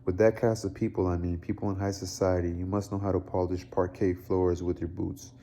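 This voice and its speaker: A man's voice: low voice, little pitch movement, dark tone. A man reading as a timid, fumbling clerk. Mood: earnest. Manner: halting, repeats himself. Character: timid fumbling middle-aged male clerk.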